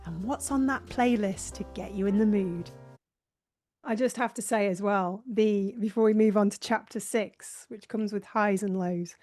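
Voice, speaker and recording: A woman's voice: mid-range voice, normal speed, darkish tone, soft background music. A woman hosting a live online session, talking casually through her slides in a chatty, self-mocking way and laughing often. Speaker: host presenting a slideshow.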